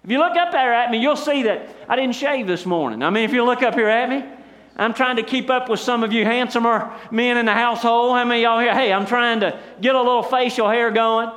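High-voiced folksy preacher man. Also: brisk, fairly bright tone. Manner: folksy storytelling with rhetorical asides to the congregation. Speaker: pastor. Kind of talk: sermon.

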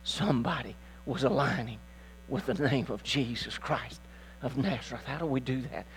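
A man's voice: mid-range voice, moderate pace, a little hiss or hum. An older man preaching a sermon as pastor, building to emphatic, rising calls to his church.

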